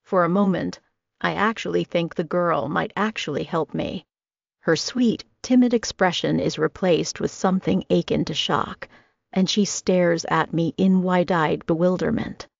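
A woman narrating a first-person audiobook with a steady, dramatic reading. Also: on the low side, measured pace, gravelly, no room sound. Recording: dry, slightly muffled recording.

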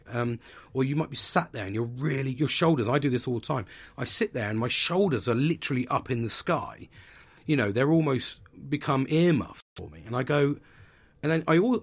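Male podcast host, 30s, husky voice, mid-range pitch, candid rambling delivery. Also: expressive, brisk, a bit bright. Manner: blunt, swears freely, rambling restarts. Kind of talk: candid personal talk on mental health.

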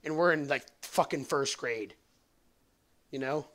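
A young man hosts a podcast and spins a long, rambling story full of profanity and jokes, laughing at his own lines. His voice sits in the mid-range, unhurried and fairly bright.

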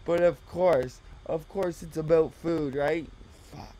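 A man mocking a clip in exasperated, sarcastic commentary. His voice sits a little high and he talks slowly, dragging out his disbelief. There is a faint hiss behind him. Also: warm tone, poor audio.

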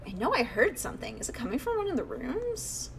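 A woman's voice: high voice, very animated, fairly quick, gravelly, a little hiss or hum, poor audio. Chatty young woman playing a game. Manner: chatty, reacts aloud, often hushed. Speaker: let's play host. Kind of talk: casual gameplay commentary.

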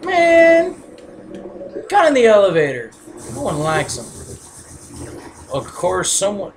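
Silly woman gamer, lively swooping voice, noisy home recording. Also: mid-range voice, slow, pauses often. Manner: goofy, giggly and rambling. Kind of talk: casual gameplay commentary.

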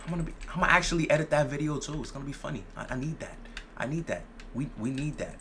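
A man's voice: on the high side, rapid-fire, sharp tone, a little hiss or hum. A young man giving casual gameplay commentary, playful and boastful, full of slang and repeated phrases. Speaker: gaming YouTuber.

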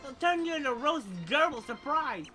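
A woman voicing a scheming, folksy male gerbil with a rough drawl. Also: sits high, expressive, moderate pace, pushed and bright, slight background noise.

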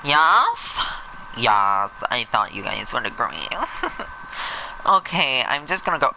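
A man giving sassy, camp, over-the-top commentary while playing a game, with sudden shouted bursts. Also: medium pitch, wildly swooping pitch, slow pace, vocal fry, background noise. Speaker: gameplay commentator. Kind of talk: let's play commentary.

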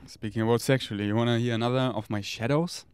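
A man's voice: mid-range voice, darkish tone, smooth. A man talks in a candid, rambling, profane confessional monologue. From Germany. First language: German. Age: 30s. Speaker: vlogger.

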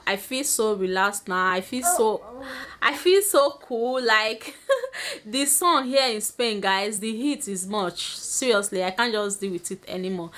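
A woman's voice: mid-range voice, a bit bright. Giggly young Nigerian woman vlogging. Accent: Nigerian English. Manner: giggly, chatty, laughs often. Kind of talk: casual vlog chat to camera.

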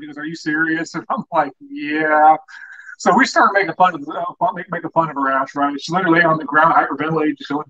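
The voice is slightly high and a bit bright: a young man co-hosting a livestream and casually telling a crude story with heavy swearing. The recording sounds distant, muffled and lo-fi.

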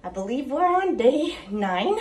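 A woman's voice: sits high, sing-song, darkish tone. A woman fitness instructor talking through an exercise routine step by step, with a cheerful greeting and sign-off. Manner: slow, deliberate coaching with cheerful sign-off.

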